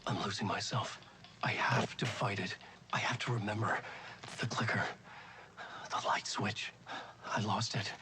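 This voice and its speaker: A man voicing a haunted writer trapped in a nightmare, narrating a video game in a hushed, breathy, brooding whisper. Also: lowish voice, close to an everyday voice, low-quality recording. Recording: game music underneath.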